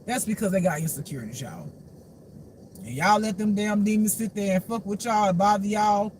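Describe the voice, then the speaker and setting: High-voiced man giving a spiritual reading. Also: brisk, a little hiss or hum. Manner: animated, laughs often, swears freely; preachy, addresses the audience directly. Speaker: intuitive spiritual reader. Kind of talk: casual spiritual talk.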